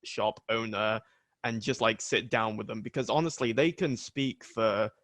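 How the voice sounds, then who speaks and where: A man's voice: lowish voice, fairly even intonation, moderate pace, fairly bright tone, dry recording. A man hosting a film screening panel, giving earnest praise and casual reflective remarks.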